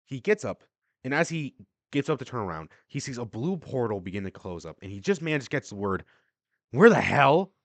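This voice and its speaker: A man narrates as game master in a tabletop game. His delivery is loose and casual, with jokes at his own expense. His pitch moves lively and the sound is close and dry. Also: a little fast, dry recording. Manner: loose, casual, self-deprecating.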